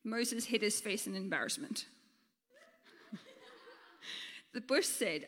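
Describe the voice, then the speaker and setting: A woman's voice: mid-range voice, lively intonation, slow pace, fairly bright tone, big-room sound. A woman teacher giving a playful storytelling sermon, laughing often and talking informally. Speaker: teacher and guest speaker.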